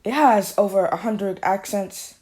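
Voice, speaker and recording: A woman giving a casual spoken app review, talking in a halting, informal way and often restarting her sentences. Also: mid-range voice, darkish tone, breathy edge.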